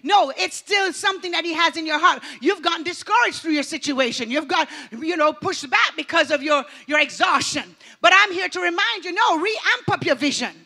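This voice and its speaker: A woman preaching a rousing sermon in a very high, bright voice. She delivers it fervently and preacherly, rising to loud declarations and dropping to hushed passages. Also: moderate pace, creaky, few pauses. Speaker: pastor. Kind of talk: motivational sermon.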